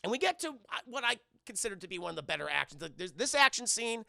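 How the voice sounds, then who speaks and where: A man's voice: sits high, very animated, quick pace, creaky, bright, forceful tone, no room sound, clean studio sound. A man streaming a casual, profane movie recap to his chat, rambling and acting out characters' lines. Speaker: streamer reviewing a film for chat.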